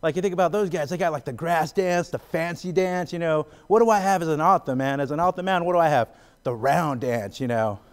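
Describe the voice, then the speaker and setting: Fairly high in pitch, smooth, and brisk, this male voice belongs to a Gila River, Arizona comedian. He moves from stand-up comedy into an interview where he's the guest. Expect plenty of fillers, a chatty manner, and laughter between jokes.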